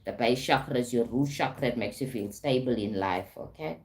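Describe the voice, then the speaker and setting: A woman's voice: rumbling low, brisk, darkish tone. A woman with a South African accent, a life coach talking on a live stream, often adding "right?" and "okay?" and greeting viewers.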